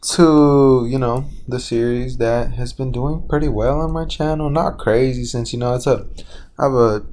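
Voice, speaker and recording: A man's voice: mid-range voice, moderate pace, a little mellow, slight background noise. A young man telling a fan-fiction story off the cuff on his small channel, rambling with lots of fillers and self-corrections. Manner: rambling, filler-heavy, loose and offhand. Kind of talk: casual improvised fan-fiction narration.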